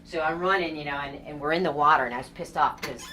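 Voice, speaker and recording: A woman telling a long personal story to a group in a casual, animated way, laughing often as she goes. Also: deep voice, quick pace, slight background noise.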